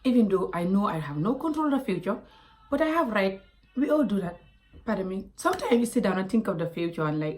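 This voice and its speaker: A woman from Africa telling a personal story to camera, animated, with quiet asides and whispers. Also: mid-range voice, fast. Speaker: vlogger.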